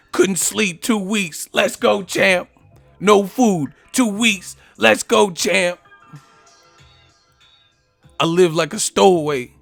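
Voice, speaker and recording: A man putting on the voice of a brash, hyped-up boxer who keeps shouting a catchphrase. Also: high voice, gravelly, no echo, voice pushed up, exaggerated voice. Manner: loud, brash, repeats a catchphrase. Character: boastful hyped-up male boxer, scrappy.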